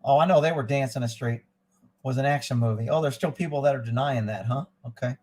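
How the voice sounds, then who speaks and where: A man's voice: medium pitch, fast talker, darkish tone, poor audio. A man hosting a live stream, telling stories in a casual, rambling way, blunt and profane, digressing as he goes. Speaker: host of a live news and chat stream; former child abduction investigator.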